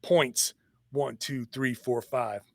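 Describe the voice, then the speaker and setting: A guy putting on a gravelly old man in his eighties bragging he'd still beat everybody, cocky and teasing, voice jumps up high now and then. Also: steady tone, slow pace, no room sound, studio quality. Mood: cocky boasting. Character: boastful frail old basketball legend, man in his eighties.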